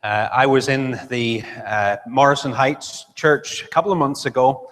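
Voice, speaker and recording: A man's voice: mid-range voice, fairly even intonation, measured pace, a bit bright. Northern irish guy, middle-aged, chatty missionary talk at church, lots of ums, long echo off the hall. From Northern Ireland. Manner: conversational, self-deprecating humor, frequent fillers. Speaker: visiting missionary speaker. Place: church sanctuary.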